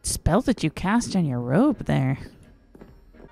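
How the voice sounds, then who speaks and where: A woman doing sarcastic let's play commentary, full of mocking, dark jokes. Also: low voice, sing-song, takes it slowly, creaky, pauses often, soft background music. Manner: mocking, dark jokey asides.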